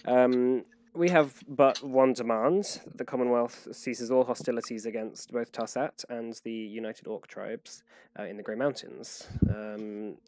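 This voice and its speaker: Guy doing a smug scheming king, pitch pushed up a bit as he lays down demands, halting with lots of ums, plain everyday voice under it. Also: darkish tone, slight background noise, natural voice. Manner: hesitant, full of ums.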